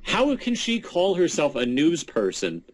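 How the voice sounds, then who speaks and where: A man's voice: fairly high pitch, huge pitch swings, unhurried, breathy edge, poor audio. A man hosting a podcast in casual debate, indignant, who steers the conversation. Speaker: podcast host.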